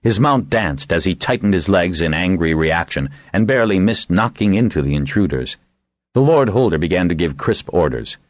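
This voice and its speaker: Deep-voiced man reading an audiobook. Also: moderate pace, no echo. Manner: reads with lively, varied intonation and raises his pitch for voiced quotes. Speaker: audiobook narrator. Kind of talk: scripted narration.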